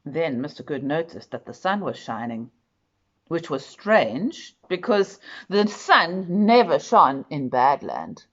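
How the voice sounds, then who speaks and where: A woman reading a children's picture book aloud, expressive and speaking directly to the listener. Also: deep voice, slow pace, highs cut off. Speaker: storyteller.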